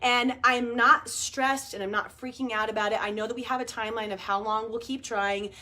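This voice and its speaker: A woman in her forties chatting to her viewers, telling a story in an animated way, laughing and swearing casually. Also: on the high side, fairly quick. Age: 40s. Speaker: vlogger. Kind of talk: casual chat to camera.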